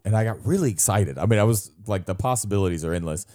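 Laughing deep-voiced man telling stories. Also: fast talker, hardly any pauses. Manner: animated, laughs often, mimics others' voices in his stories. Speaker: podcast co-host. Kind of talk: casual storytelling chat.

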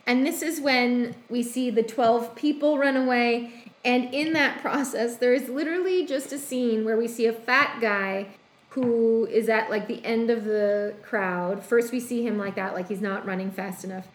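A woman's voice: fairly high pitch, steady tone, normal speed, reverberant. A woman co-hosting a casual chat, recapping a film in a rambling way with many ums and quoted asides. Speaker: podcast co-host recapping a film.

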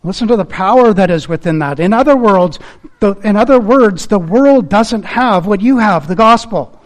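A man's voice: high-pitched, expressive, normal speed. A man preaching a sermon in an earnest, emphatic manner, repeating key phrases, and closing in prayer. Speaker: pastor.

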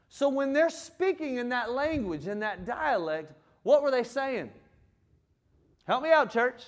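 A man in his seventies with a Southern US accent, preaching with folksy energy. His voice sits very high for a man. He keeps the sermon lively with playful impressions and easy asides to the church. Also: a little slow. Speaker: pastor.

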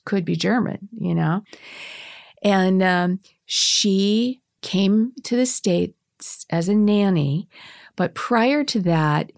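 A woman's voice: lowish voice, creaky, a little mellow, dry recording, studio quality. A woman in her sixties telling stories as a guest in casual conversation, chatty and laughing often, with many restarts. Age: 60s.

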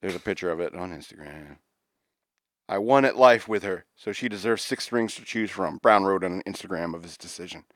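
Lower-voiced guy reading out news bits, cracking jokes, dry close sound. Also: dry recording. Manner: jokey, reads stories aloud with asides. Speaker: podcast co-host. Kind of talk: casual chat reading news stories.

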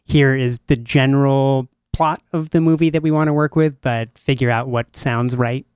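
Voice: mid-range voice, fairly even intonation, moderate pace, a little mellow, smooth, dry recording. A host asking curious, conversational questions in a casual interview.

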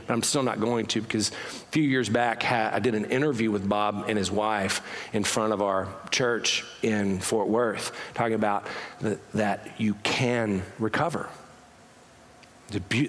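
A man's voice: fairly low pitch, fairly bright tone, big-room sound. A man preaching a storytelling sermon as pastor, talking conversationally and often correcting himself mid-sentence.

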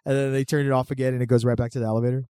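Man, casual storytelling, lively voice, dry close sound, plays every part. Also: mid-range voice, rapid-fire, smooth, dry recording. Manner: animated storyteller acting out both sides of a prank. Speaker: podcast guest telling stories. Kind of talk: casual chat.

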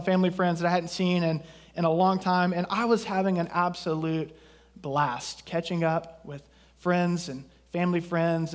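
A man from southeast Texas preaching a sermon as pastor, in a conversational way with jokes and asides. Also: fairly high pitch.

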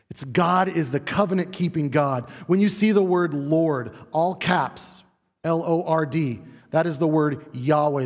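A man delivers a sermon from the front of a church, his voice slightly higher than most men's. He is earnest, rushing through some phrases and sinking low and soft on key lines. The sanctuary gives his words a long, lingering reverb. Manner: earnest, varies pace and volume, drops low for emphasis. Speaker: pastor.

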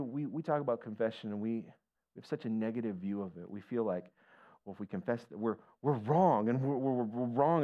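A man preaches with a lowish voice, retelling a story with rising emotion and then sinking to a hush. The recording sounds dull and lo-fi. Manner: emotional, builds to a raised pitch then drops to near-whispers. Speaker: pastor. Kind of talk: sermon storytelling.

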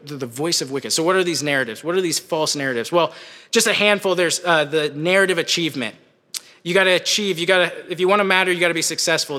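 Young male campus preacher, high, bright, animated sermon, hall reverb. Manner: animated, conversational, shouts at peaks.

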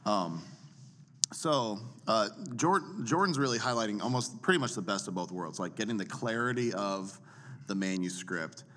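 Lively low-voiced man coaching speakers. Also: moderate pace. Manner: animated, demonstrates voices by swinging pitch widely. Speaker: preaching coach. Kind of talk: casual teaching chat.

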